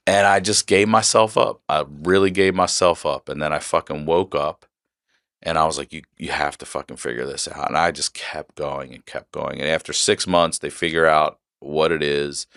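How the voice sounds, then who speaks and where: Very deep-voiced man telling a story. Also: fairly even intonation, normal speed, fairly bright tone, clean tone, no room sound, clean studio sound. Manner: candid, profane, emphatic retelling. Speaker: podcast guest. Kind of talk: casual storytelling.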